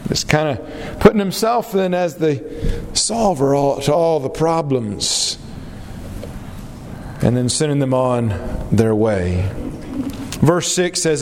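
A man preaching a sermon, emphatic, asking rhetorical questions and pausing for effect. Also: a little high, lively intonation, a little mellow, a little hiss or hum. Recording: long hall reverb.

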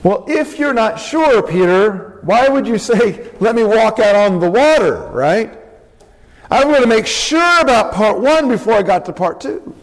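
A high-voiced man delivers a sermon in a lively, theatrical way. His voice leaps up when he acts out the lines he quotes. A long hall reverb trails behind every phrase. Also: measured pace. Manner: animated, acting out quotes with big pitch jumps. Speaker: preacher.

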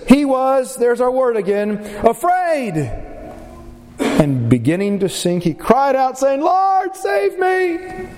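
A man delivers a sermon, his voice pitched high as he acts out the scripture quotes. He sounds like he is in a church hall with a long echo. Faint ambient noise sits behind him. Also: darkish tone. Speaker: preacher.

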